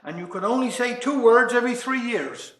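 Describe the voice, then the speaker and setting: A stern, dry old head monk with a lilt , as a man puts him on. His delivery is flat and matter-of-fact, in a bright, echoey room. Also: very high voice, brisk.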